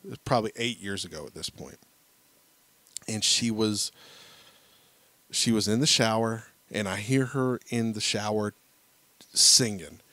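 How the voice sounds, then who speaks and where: Low-voiced dad telling stories on a podcast. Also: male voice, a little slow, long pauses, no echo. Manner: animated storyteller acting out quotes. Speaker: podcast co-host. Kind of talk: casual chat, storytelling.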